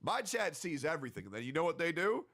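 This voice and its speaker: A man ranting heatedly about online drama, mocking others and sometimes shouting. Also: on the high side, big pitch swings, fast. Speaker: streamer.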